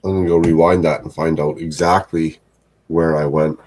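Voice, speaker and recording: A deep-voiced man talks casually to his live-stream chat from his home setup. His voice is low and somewhat husky, and he rambles, curses and mutters to himself as he goes. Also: flat delivery, normal speed, darkish tone. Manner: rambling, swearing, talking to himself. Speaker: live streamer building sets.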